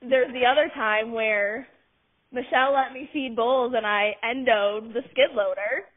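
A woman's voice: fairly high pitch, fairly even intonation, a little slow. Young woman, tinny phone-like line. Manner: laughing, playful, teasing. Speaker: podcast co-host. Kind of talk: casual storytelling chat.

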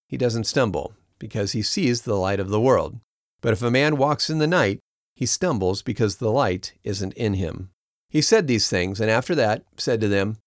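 A man reading a Bible chapter aloud in a steady way, raising his voice a little for quoted speech. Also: fairly low pitch, dry recording, clean studio sound. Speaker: scripture reader.

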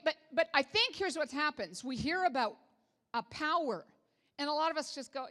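A woman's voice: high voice, very animated, brisk, fairly bright tone, big-room sound. A woman pastor from Canada preaching a sermon in a casual, humorous way, with asides to the congregation. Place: church sanctuary.

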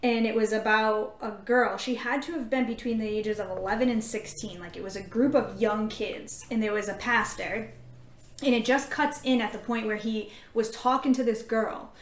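A woman with a fairly high voice tells a story in loose, chatty podcast talk, piling up fillers as she goes. The room around her is echoey and reverberant. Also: normal speed, a little hiss or hum. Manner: animated storytelling with many fillers. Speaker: podcast co-host. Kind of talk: casual faith-talk podcast chat.

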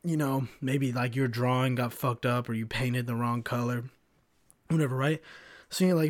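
A man's voice: medium pitch, steady tone, moderate pace. Rambling, cussing young guy podcasting. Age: 20s. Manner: loose and rambling, swears a lot, laughs at his own jokes. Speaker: podcast host. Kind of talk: casual solo podcast rant.

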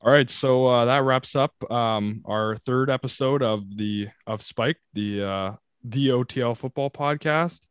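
A man hosting a casual football podcast, relaxed and full of fillers. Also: medium pitch, unhurried, few pauses, clean tone, no echo. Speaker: podcast host. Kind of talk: casual sports podcast chat.

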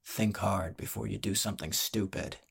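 A man voicing a grim, tight-lipped brawler who speaks quietly and in few words. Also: fairly even intonation, a little slow, slightly rough. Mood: terse. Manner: terse, quiet, low. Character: grim, terse male brawler seeking revenge.

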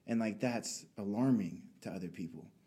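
A young man hosting a casual podcast conversation, reflective and relaxed, often checking in with tag questions. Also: lowish voice, moderate pace, slightly rough. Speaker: podcast host.

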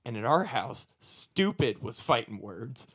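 Brief: young male podcaster, animated comic storyteller, bright and expressive. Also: medium pitch, unhurried, husky. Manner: animated, laughing, acts out voices in his story. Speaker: podcast co-host telling a childhood story. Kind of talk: casual comedic storytelling.

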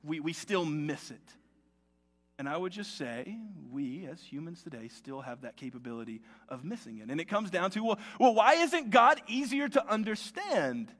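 A man preaching as pastor, animated and acting out quoted lines in shifting voices. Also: a little high, normal speed, in a large hall. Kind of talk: sermon.

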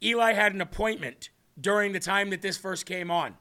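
Brief: loud, mocking male talk host, high bright voice, chatty and rambling. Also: normal speed. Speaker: political talk show host. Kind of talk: livestream commentary.

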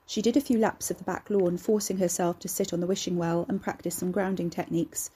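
A woman narrates a dark storybook tale with a steady, measured reading. Her voice is low in pitch and husky in texture, keeping an even storytelling pull.

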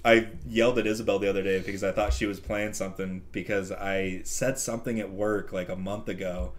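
A man co-hosting a music podcast in casual chat, joking around, swearing freely and getting animated. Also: lowish voice, a little fast. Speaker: podcast co-host.

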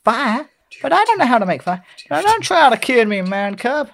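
A man voicing an eager young boy from a cartoon, high and rushed. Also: sing-song, vocal fry, fairly bright tone, exaggerated voice. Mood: flustered.

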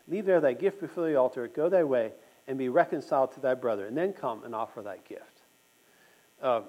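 Earnest man preaching with lively pitch. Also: low-quality recording. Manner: earnest, asks the audience questions. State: just had a tooth pulled. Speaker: church speaker. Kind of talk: conversational sermon.

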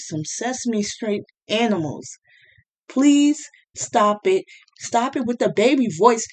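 Young woman vlogger, slightly high voice, blunt and mocking, casual rant.

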